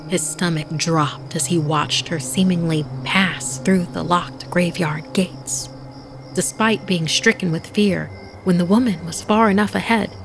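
Hushed, gravelly woman telling a ghost story. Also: lowish voice. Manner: hushed, often dropping to a whisper. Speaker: podcast host and storyteller. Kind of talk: scripted spooky narration. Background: music bed.

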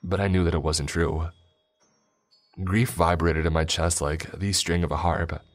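A man narrating a first-person story in a measured storytelling delivery. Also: low voice, steady tone, soft background music.

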